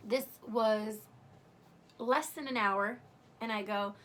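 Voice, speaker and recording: A woman's voice: fairly high pitch, steady tone, slow, a bit bright, a little hiss or hum. A young adult woman casually telling the story of giving birth, chatty and candid, full of "like" and the odd swear. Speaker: new mother telling her birth story.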